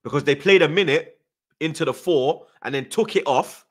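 A man's voice: on the high side, brisk, a bit bright. A man hosting a live football watchalong, ranting angrily with heavy swearing, repeated taunts and tag questions. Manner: angry, swearing, repeating taunts and "yeah?" tags. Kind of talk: live fan watchalong rant.

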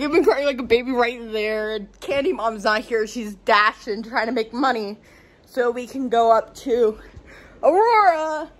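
A woman with a slightly high voice rants casually to her camera at home. She is out of breath, and her talk rambles and turns emotional, padded with "like". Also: slight background noise. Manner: rambling, emotional, heavy use of "like". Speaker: vlogger. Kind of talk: casual vlog rant.

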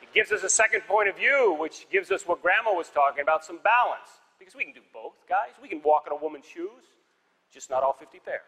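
Performing stand-up in a theater, a man tells stories with dry, punchy one-liners in a high, bright, forceful voice at a brisk clip. The live recording has hall reverb and audience noise.

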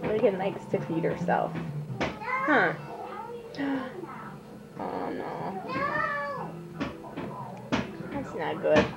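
A woman's voice: medium pitch, wildly swooping pitch, slow, gravelly. A mother filming her children, chatting in sing-song baby talk on a camcorder microphone. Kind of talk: home video chatter. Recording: dull lo-fi camcorder audio with music.

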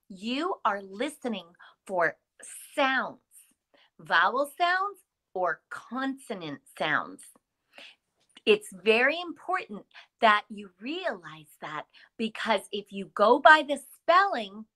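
Slow, bright-voiced woman teaching English. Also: medium pitch. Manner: slow, deliberate, sounding words out for learners. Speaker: ESL instructor. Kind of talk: live online English lesson.

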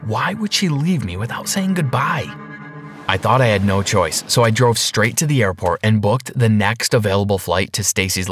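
A man narrates a first-person animated story time in a low voice. His pitch rises and falls widely, and he slows down for the dramatic reveals.

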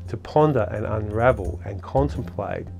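A man giving a measured, explanatory poetry lecture in scripted narration, stressing key words as he goes. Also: lowish voice, vocal fry, over music.

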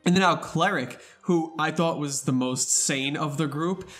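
A man with a slightly high voice tells a tabletop game story to his friends. He tells it in a lively way, laughing and acting out the shouted lines. There is faint music behind him. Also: measured pace. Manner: animated, laughing, acts out shouted quotes. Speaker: podcast co-host telling a game story. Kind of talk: casual storytelling chat.

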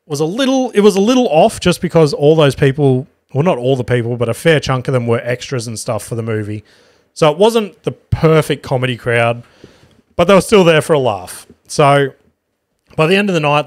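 A man's voice: mid-range voice, no echo, studio quality. An Australian man, a podcast host and comedian, telling a rambling story in casual talk, swearing freely and correcting himself as he goes.

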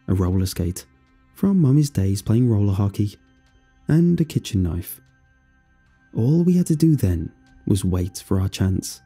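A man reading a horror story aloud in a measured, scripted storytelling manner. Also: lowish voice, mellow, slightly rough. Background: faint music.

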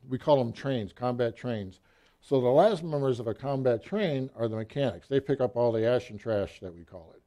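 A middle-aged man telling a story from the pulpit in a folksy, animated way, acting out the scenes as he goes. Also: medium pitch. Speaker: church speaker. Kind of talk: storytelling sermon.

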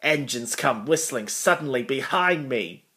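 A man's voice: mid-range voice, slow pace, pushed and bright. A man reading a storybook aloud and voicing a cross, stern policeman who scolds sharply.

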